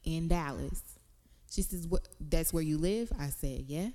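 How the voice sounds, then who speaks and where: A woman's voice: low-pitched, a little slow, mellow. A young woman, co-hosting a podcast, telling a story in a dry, sarcastic, matter-of-fact way. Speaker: podcast co-host. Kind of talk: casual chat.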